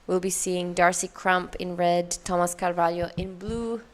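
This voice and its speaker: A woman's voice: lowish voice, steady tone, unhurried. Fluent female surf co-commentator. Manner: fluent, detailed wave-by-wave analysis. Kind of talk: live play-by-play commentary.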